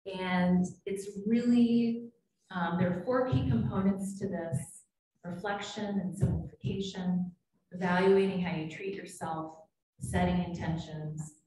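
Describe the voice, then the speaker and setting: A woman's voice: lowish voice, steady tone, measured pace, mellow. A woman psychiatrist giving a conference keynote, talking in a conversational, anecdotal and self-deprecating way. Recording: very echoey hall, distant mic, faint noise.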